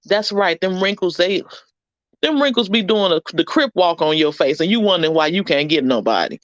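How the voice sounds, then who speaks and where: A woman vlogger giving an animated, preachy and comic motivational talk on her channel, full of blunt slang and the odd swear word. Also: lowish voice, a little fast, no room sound, lo-fi sound. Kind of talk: motivational live-stream chat.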